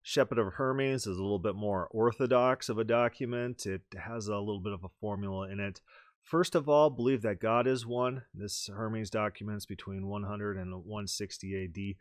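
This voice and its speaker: A man's voice: on the low side, fairly even intonation, moderate pace, hardly any pauses, no room sound, studio quality. A man hosting a teaching podcast, explaining ideas and reading quoted texts aloud with rising emphasis. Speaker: podcast host. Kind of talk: teaching podcast talk with read-aloud quotations.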